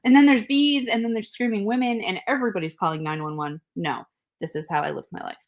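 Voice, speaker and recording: A woman co-hosting a podcast, telling a story in a casual, animated way, laughing often and acting out what people said. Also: on the low side, quick pace. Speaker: podcast co-host.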